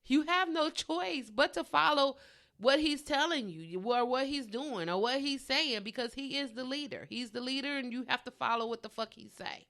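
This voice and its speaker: A woman's voice: sits high, moderate pace, vocal fry, fairly bright tone. A woman hosting a podcast alone, ranting casually and bluntly, swearing freely. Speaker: podcast host. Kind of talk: casual solo podcast rant.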